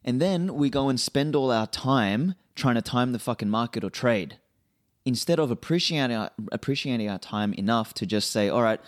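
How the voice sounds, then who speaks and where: A man's voice: medium pitch, lively intonation, moderate pace. A man, a podcast guest, talking bluntly and animatedly with frequent swearing. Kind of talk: casual interview.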